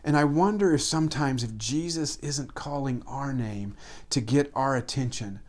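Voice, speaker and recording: A man preaching a sermon as the pastor. He builds emphasis through rhythmic, repeated lists and then drops into hushed, near-whispered passages. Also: fairly high pitch, lively intonation, moderate pace.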